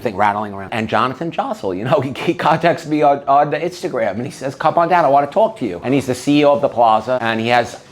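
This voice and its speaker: An older man hosting, chatting at a party in a brash, rambling, self-mocking way. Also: medium pitch. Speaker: host and entertainer. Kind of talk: casual chat at a party.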